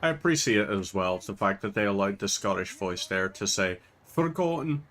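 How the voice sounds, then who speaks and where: Chatty Northern Irish man, lowish voice. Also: animated, fairly quick, fairly bright tone. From Northern Ireland. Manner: chatty, rambling digressions. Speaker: gaming channel host. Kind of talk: casual gameplay commentary.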